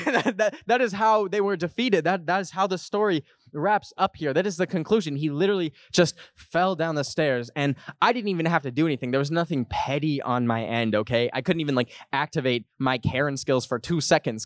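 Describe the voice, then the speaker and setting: Animated young man telling a funny story. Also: moderate pace, no room sound. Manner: animated, jokey, puts on high voices for quotes. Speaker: podcast host. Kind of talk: comedic storytelling to a live audience.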